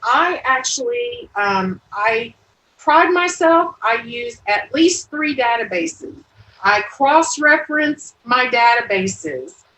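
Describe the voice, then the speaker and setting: A woman's voice: on the high side, lively intonation, takes it slowly, pushed and bright, a little hiss or hum. A woman from Texas, guest on a podcast interview, talking in a plain, matter-of-fact way. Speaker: guest, process server. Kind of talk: casual interview chat. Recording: roomy echo.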